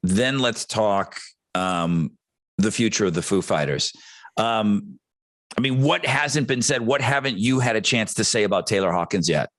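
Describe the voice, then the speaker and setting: Measured middle-aged man, dry sound. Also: lowish voice, lively intonation, a bit bright, dry recording. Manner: measured, lays out points step by step. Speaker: podcast co-host. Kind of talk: casual podcast chat.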